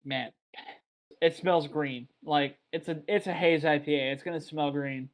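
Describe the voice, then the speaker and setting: A man's voice: a little high, unhurried. Texas guy rambling on a beer podcast, chatty, cusses casually. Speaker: podcast host. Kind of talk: casual chat.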